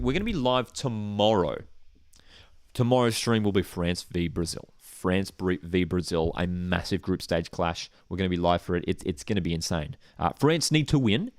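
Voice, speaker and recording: A man hosting a live football watchalong stream, commentating and chatting, excitable at big moments. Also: normal speed, dry recording, clean studio sound. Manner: chatty, excitable, jumps up in pitch at key moments.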